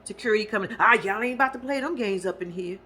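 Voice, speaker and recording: A woman's voice: medium pitch, quick pace, sharp tone, slight background noise. A young woman giving a sassy, slangy recap of a reality show, mimicking the cast in squealing voices. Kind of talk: casual recap commentary.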